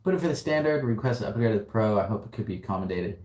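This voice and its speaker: A man's voice: fairly low pitch, expressive, very fast, darkish tone, roomy sound. A man hosting a casual livestream Q&A, upbeat and slangy, reading out viewer questions and answering them. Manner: upbeat, slangy, laughs often. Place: warehouse.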